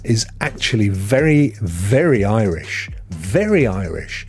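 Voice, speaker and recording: A man with a lowish voice talks casually on a live stream, his pitch swinging widely as he goes. He answers viewers from the chat in a chatty way. Faint music plays in the background. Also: darkish tone. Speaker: streaming host.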